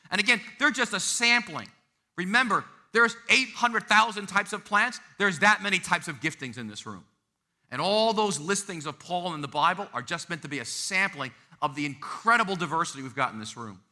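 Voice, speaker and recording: A man preaching a sermon with a very bright, sharp tone. His delivery is animated and conversational, full of quick asides and little voiced examples. He sounds middle-aged. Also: fairly high pitch. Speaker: pastor.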